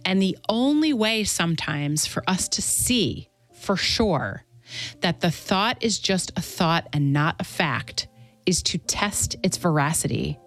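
A woman who treats chronic pain, answering interview questions in a clear, earnest teaching tone. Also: on the low side, lively intonation, slow, fairly bright tone, soft background music. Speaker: pain therapist.

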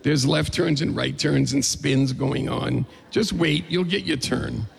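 A man voicing a male co-driver coaching him through a race, gravelly and steady. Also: mid-range voice, unhurried, big-room sound, noisy background.

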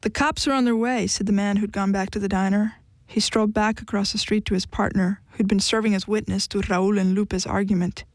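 Woman narrator, audiobook, even measured reading, dry close mic. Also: medium pitch, dry recording.

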